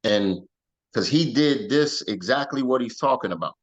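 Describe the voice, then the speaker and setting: A man's voice: mid-range voice, lively intonation, moderate pace. Male co-host, mid voice, chatty team meeting, lo-fi recording. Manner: chatty, jumps in with praise and laughter. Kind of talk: casual team meeting talk.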